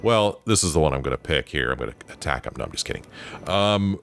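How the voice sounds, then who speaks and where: A man's voice: rumbling low, expressive, fast, gravelly, fairly bright tone. A man giving casual, joking commentary while playing a game and reading its dialogue aloud. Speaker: let's play host.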